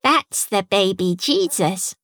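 A woman's voice: medium pitch, big pitch swings, slow, vocal fry, a bit bright, no room sound, clean studio sound, full character voice. A woman voicing a small, earnest boy who speaks with a lisp, in a read-aloud story. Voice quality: lisping.

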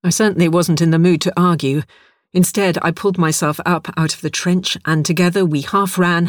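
A man's voice: on the high side, no echo. Male storyteller, dry close read. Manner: vivid, darkly wry storytelling. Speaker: narrator. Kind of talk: first-person story narration.

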